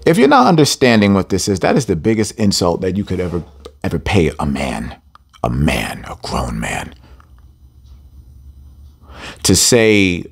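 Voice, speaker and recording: A man's voice: deep voice, sing-song, moderate pace, gravelly, breathy edge. A man teaching a scripture lesson, speaking emphatically, repeating phrases for stress and addressing his listeners as family. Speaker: Bible teacher.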